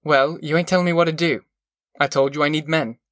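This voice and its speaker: A pushy, cocky labor contractor, voiced by a man reading aloud, snapping back brusquely and defensively. The voice sits somewhat high and sounds dry and close. It is a storybook figure. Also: steady tone, a little fast, fairly bright tone, dry recording, natural voice.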